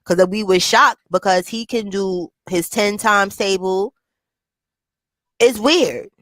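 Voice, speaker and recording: A woman talks in a relaxed, slangy way and keeps checking that her friend is following her. Her voice sits in a middle range. It is recorded close and dry, with no room sound. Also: medium pitch, takes it slowly, no room sound. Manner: slangy, keeps asking "you understand?". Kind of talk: casual chat.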